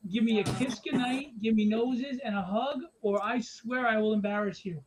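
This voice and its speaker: A man's voice: extremely high pitch, normal speed. A man hosting a live stream from home in a casual, joking, teasing way. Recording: dull lo-fi stream audio with faint noise.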